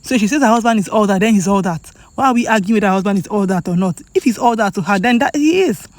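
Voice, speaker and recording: A woman's voice: mid-range voice, expressive, quick pace, no echo. A woman with a Nigerian accent giving casual, emphatic commentary to camera as a celebrity gossip vlogger, repeating points for effect.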